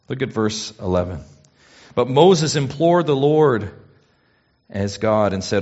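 A man's voice: mid-range voice, lively intonation, slow pace, pauses often. Preaching man, dull lo-fi sound. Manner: emphatic, rhetorical questions, wide swings between quiet and loud. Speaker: pastor. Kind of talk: expository sermon.

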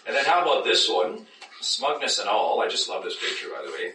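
A man preaches a sermon with a bright, lively voice that swings high when he mimics skeptics. He is picked up from a distance in an echoey church hall. A faint room hum sits under his words. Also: fairly quick. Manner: animated, acts out skeptics in high mocking voices. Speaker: pastor.

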